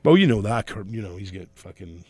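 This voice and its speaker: A man with a softened Scottish accent, co-hosting a podcast in casual, profane, joking chat. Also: fairly low pitch, expressive, a little fast. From Scotland. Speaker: podcast co-host.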